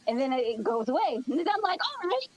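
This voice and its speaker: A woman's voice: high-pitched, sing-song, fast talker, lo-fi sound, a crowd in the background. A woman with a New York accent, co-hosting a casual radio chat, joking and candid. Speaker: co-host.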